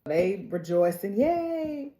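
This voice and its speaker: A woman, recapping a TV episode in a lively, casual way, laughing often and acting out the characters' lines in slang. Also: medium pitch, slow pace. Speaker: TV recap host. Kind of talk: animated TV recap retelling scenes.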